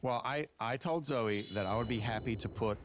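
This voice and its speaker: A man's voice: medium pitch, moderate pace, a little hiss or hum. A man in his fifties, a guest on a couples show, answering in a hesitant, stammering and defensive way. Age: 50s. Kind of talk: unscripted on-camera conversation.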